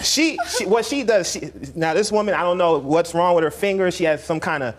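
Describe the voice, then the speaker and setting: A man in his thirties defending himself on a TV court show, halting and repeating words. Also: sits high, very noisy. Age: 30s. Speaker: litigant.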